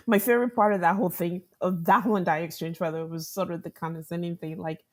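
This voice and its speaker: A woman's voice: lowish voice, quick pace. A woman who directs product management, giving an interview and telling workplace stories, acting out what people said and often tagging her points with a questioning "right". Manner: animated storyteller, acts out quoted dialogue, frequent "right?" tags and laughs. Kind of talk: conversational interview storytelling.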